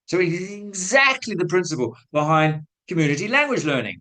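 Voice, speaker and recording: A man's voice: sits high, sing-song, brisk, hardly any pauses, sharp tone, low-quality recording. A man giving a webinar talk to teachers, telling a classroom story in a chatty, self-mocking way with acted-out quotes. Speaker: guest speaker on language teaching.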